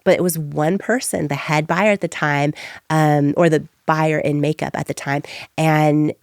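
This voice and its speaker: Low-pitched woman guest with a gravelly edge, lively storyteller, recorded dry and close. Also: moderate pace, dry recording. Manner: animated, acts out her own past lines. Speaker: entrepreneur guest. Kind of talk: candid storytelling interview.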